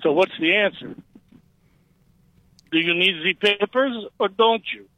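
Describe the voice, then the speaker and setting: A man's voice: high-pitched, measured pace, no echo, phone-quality sound. A man in his fifties calling a radio show, telling a rambling story and stumbling over his words. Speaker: caller. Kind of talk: phone-in call.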